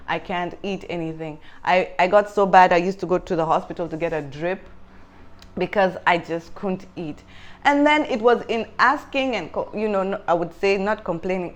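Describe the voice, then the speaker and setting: A young woman with a somewhat low voice speaks candidly and earnestly. She gives heartfelt motherhood advice straight to her viewers in a vlog. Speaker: mother vlogger.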